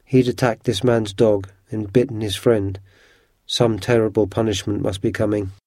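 List: male narrator, storybook reading, low mellow voice, dry close sound, measured pace. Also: dry recording. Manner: steady, measured reading of a children's adaptation.

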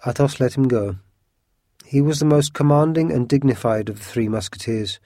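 A man reading an adventure story aloud as an audiobook in a steady, measured voice. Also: medium pitch, dry recording. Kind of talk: audiobook narration.

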